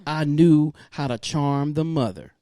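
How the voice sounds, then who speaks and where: A man's voice: fairly high pitch, unhurried, dark tone. A man in a casual podcast chat, telling stories and reading out listener comments. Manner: reads listener comments, storytelling. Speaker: podcast co-host.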